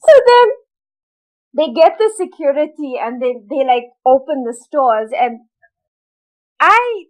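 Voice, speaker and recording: A woman's voice: high-pitched, very animated, slow, low-quality recording. A woman co-hosting a podcast, telling a story in casual chat and laughing often as she talks. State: tired and grouchy from a broken nap. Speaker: podcast co-host.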